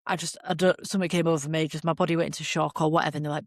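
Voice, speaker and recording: A podcast host tells a personal story in a frank, chatty monologue, acting out her own reactions. Her voice sits low with a steady tone, and she talks rapid-fire with few pauses. The recording is clean studio sound with no echo.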